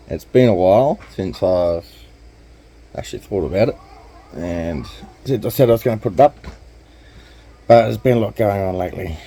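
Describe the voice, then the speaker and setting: A man's voice: lowish voice, mellow, a little hiss or hum, low-quality recording. A man with an Australian accent telling a story in a laid-back, chatty, slangy way. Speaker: vlogger. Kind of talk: casual storytelling.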